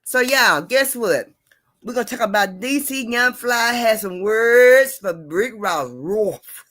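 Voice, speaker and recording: A woman's voice: a little high, animated, slow, fairly bright tone. A woman hosting a casual live stream, chatting with her viewers, greeting them by name and repeating herself as she talks. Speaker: livestream host.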